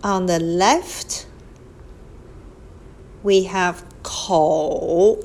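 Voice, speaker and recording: A woman teaches a beginner lesson at a measured, very slow pace. Her pitch sits in an ordinary middle range, and she carefully models each tone aloud. A faint hiss of background noise runs under the phone-recorded narration. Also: animated, poor audio. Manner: patient, explains step by step, models tones aloud. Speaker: Chinese language teacher. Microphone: phone screen recording.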